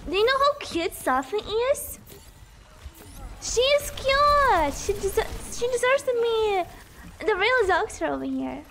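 A woman streaming a game live, hoarse from a cough, giggling and reading chat aloud between reactions. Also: extremely high pitch, big pitch swings, moderate pace, slight background noise. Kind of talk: live gameplay stream, chatting with viewers.

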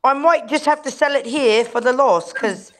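A woman co-hosting a casual gossip podcast who laughs often and talks slowly. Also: high voice. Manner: laughs often, slow and drawn out. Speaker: podcast co-host. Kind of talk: casual group chat.

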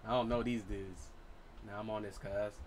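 A man's voice: lowish voice, fairly even intonation, moderate pace, darkish tone, slight background noise. A young man streaming a basketball video game live, talking loosely in slang to his teammates and his chat. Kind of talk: casual live game commentary.

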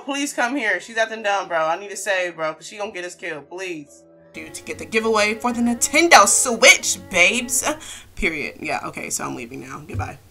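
A woman hosting a horror game channel, yelping at scares and teasing the game characters in slangy talk. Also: mid-range voice. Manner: loud, jumpy, yelps and shouts at scares. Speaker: gaming channel host.

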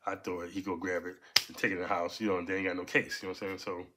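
A man in his fifties from Los Angeles, telling a personal story in animated, profane street talk. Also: rapid-fire, background noise. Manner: animated, profane, punctuates with "boom". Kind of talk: casual storytelling.

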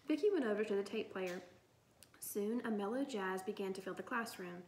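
A woman narrating a children's novel in an even storytelling manner. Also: mid-range voice, normal speed, a little hiss or hum. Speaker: audiobook reader. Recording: roomy echo.

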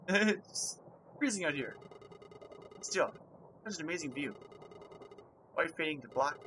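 A person reading out a troubled, blunt young girl from a video game, in a flat dialogue-reading manner over game music. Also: medium pitch, noisy background, natural voice. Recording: gameplay with music underneath.

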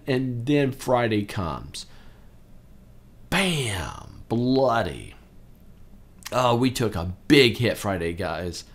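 A man in his forties hosting a trading channel, talking casually through stock charts and getting excitable over big moves. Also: medium pitch, very slow, long pauses. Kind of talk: casual chart walkthrough commentary.

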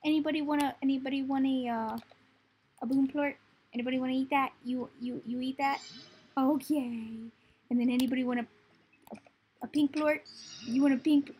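A woman's voice: high-pitched, fairly even intonation, fairly quick, long pauses, warm tone, husky. A young woman giving casual gameplay commentary, often cooing baby talk at the creatures on screen. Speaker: gaming video host.

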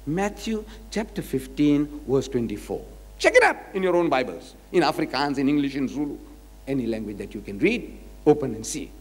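A man giving a public lecture on scripture, emphatic, asking rhetorical questions and swinging between loud and quiet. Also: a little high, big pitch swings, a little fast. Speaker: religious lecturer. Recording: reverberant lecture hall.

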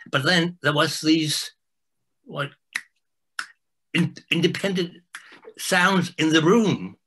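An older man, a guest telling a personal story in a halting way, full of restarts. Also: fairly high pitch, sing-song, breathy edge, poor audio. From Denmark. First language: Danish. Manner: halting, with restarts and soft laughs. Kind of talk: storytelling in conversation.

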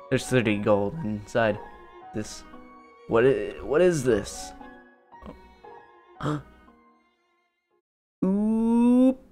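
Slow, goofy let's play gamer. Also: mid-range voice. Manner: rambling, goofy, self-amused. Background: game music.

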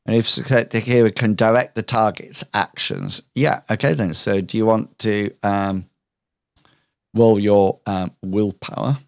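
A man's voice: fairly low pitch, fairly even intonation, a little slow, vocal fry, dry recording, studio quality. A man narrating as game master of a tabletop role-playing game, hesitant with many fillers and restarts.

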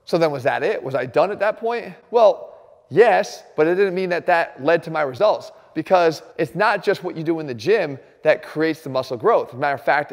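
A man explaining a workout as a fitness coach, talking emphatically and fast. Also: fairly high pitch, big-room sound. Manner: emphatic and rapid. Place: gym.

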